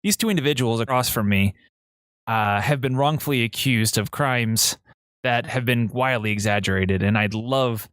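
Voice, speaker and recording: A man voicing a male prisoner in a tabletop game, pleading in a halting, overly formal way. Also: medium pitch, fairly bright tone, clear, resonant tone, dry recording, lightly acted. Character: smooth-talking male rogue pleading with a guard.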